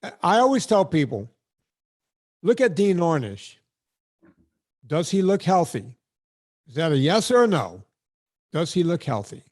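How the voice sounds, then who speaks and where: A man's voice: fairly high pitch, very animated, unhurried, long pauses. A man hosting a podcast, ranting bluntly and sarcastically in casual chat. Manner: blunt, sarcastic, emphatic rants. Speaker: podcast host.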